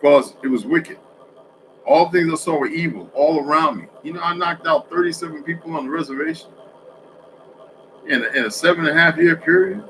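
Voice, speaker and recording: Profane, rambling man with a bright voice. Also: on the high side, a little fast, slight background noise, poor audio. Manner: profane, rambling, streetwise storytelling. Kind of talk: rambling casual monologue.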